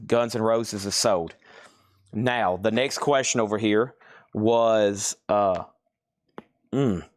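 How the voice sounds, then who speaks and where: A man hosting a live record sale, briskly calling out prices and buyers' names and repeating them like an auctioneer. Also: fairly low pitch, no room sound, studio quality.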